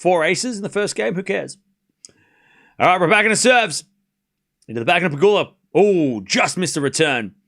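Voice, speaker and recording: A man hosting a live tennis watchalong, giving informal play-by-play that rises to excited shouts on big points. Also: high voice, moderate pace, gravelly, pauses often. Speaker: host calling a live watchalong stream.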